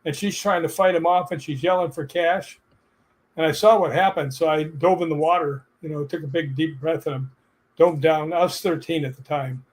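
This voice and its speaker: Man telling lively personal stories. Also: a little high, normal speed. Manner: animated, laughs while telling stories. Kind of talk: casual storytelling chat.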